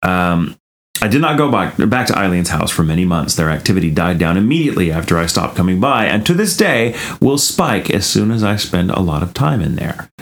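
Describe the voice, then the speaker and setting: A man co-hosting a podcast, reading a listener's ghost story aloud and breaking off into animated, laughing asides. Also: low voice, a little fast.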